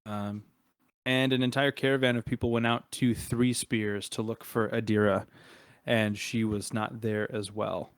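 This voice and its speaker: A man's voice: lowish voice, level tone, measured pace, no room sound. A man running a tabletop game as game master, narrating with many hesitations and fillers.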